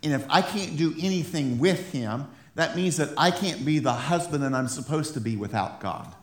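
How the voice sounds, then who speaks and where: A man's voice: on the high side, lively intonation, moderate pace. Fired-up preacher man with roomy echo. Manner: fired-up, stumbling restarts. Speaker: pastor. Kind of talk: sermon. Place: church.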